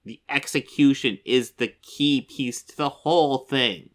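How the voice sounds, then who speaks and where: Bright-voiced exasperated male commentator. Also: medium pitch, a little slow. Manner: exasperated, sarcastic, swears casually. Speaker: commentary host. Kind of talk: reaction commentary.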